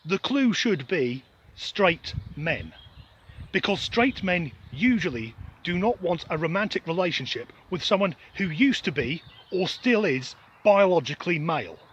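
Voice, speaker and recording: A man's voice: sits high, sing-song, measured pace, lo-fi sound, a little hiss or hum. A middle-aged Englishman from Norfolk with a generic Southern English accent, giving a blunt, sweary, sarcastic opinion monologue outdoors. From Norfolk, England. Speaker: vlogger. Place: outdoors, windy.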